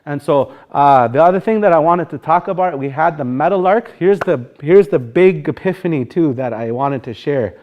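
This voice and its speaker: A man's voice: fairly high pitch, expressive, moderate pace, hardly any pauses, lo-fi sound. Man teaching a live language class. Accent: Sioux Valley Dakota. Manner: informal, rambling, sings phrases to show intonation.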